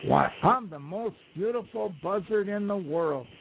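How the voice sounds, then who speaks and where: A man's voice: high voice, expressive, a little slow, creaky, a little hiss or hum, exaggerated voice. A man voicing a vain, boastful male buzzard in a folk tale, told over a phone line. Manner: bragging, then shrieking to be let out. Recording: tinny phone line on radio.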